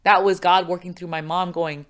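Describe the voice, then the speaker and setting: A woman's voice: on the low side, moderate pace. A middle-aged woman talking casually as an interview guest, telling a personal story with lots of fillers and acted-out voices. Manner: animated, acts out quoted voices, many fillers. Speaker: podcast guest.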